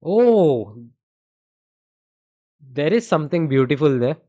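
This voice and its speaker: A man's voice: on the high side, normal speed. A young man with an Indian accent, streaming chess and thinking aloud through variations while he answers chat in a casual way. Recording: dull, muffled stream audio.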